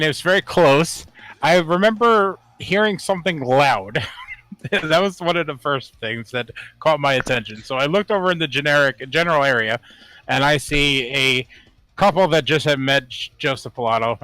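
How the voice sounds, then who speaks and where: A man co-hosting a podcast, recounting anecdotes in casual, animated chat full of "like" fillers. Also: fairly high pitch, normal speed, dry recording. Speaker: podcast co-host.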